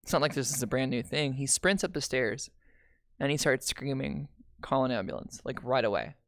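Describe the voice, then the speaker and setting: A woman's voice: very deep voice, moderate pace, no echo, clean studio sound. A young woman streamer telling a painful family story in casual, candid talk, swearing and restarting often.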